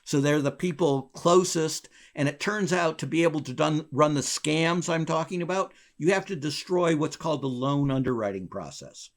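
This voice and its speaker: A man being interviewed, a former bank regulator telling a long story in a lively, chuckling way with wide swings in his voice. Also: moderate pace, hardly any pauses. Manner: animated, wide pitch swings, chuckles between phrases.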